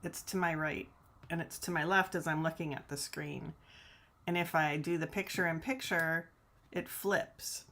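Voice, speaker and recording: Her voice is low-pitched, steady, fairly bright, and a little slow as this Michigan woman runs a casual livestream from a home room, facing her laptop camera. She rambles to her live audience, laughs frequently, and swears mildly, with sound coming from the laptop camera mic.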